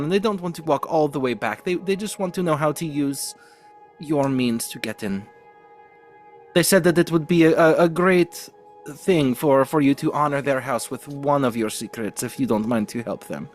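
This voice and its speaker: A man's voice: a little high, moderate pace, faint music behind, pitched above the performer's own voice, close to an everyday voice. Nervous servant girl, stammering apologies, played by a man.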